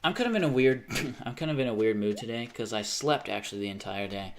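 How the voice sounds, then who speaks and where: A man's voice: on the low side, animated, fast talker, hardly any pauses. A man chatting casually with his live stream chat while gaming, joking and sarcastic.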